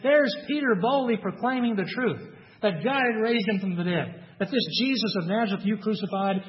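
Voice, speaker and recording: A man's voice: sits high, big-room sound, highs cut off. A man with a Texas accent preaching a sermon, earnest, acting out quoted lines with rising emphasis. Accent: Texan. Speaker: pastor.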